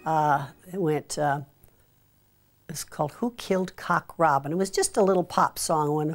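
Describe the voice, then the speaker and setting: Woman telling a backstage story, hesitant fillers, very low voice, faint music. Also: steady tone, normal speed. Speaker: interviewee. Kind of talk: anecdotal interview.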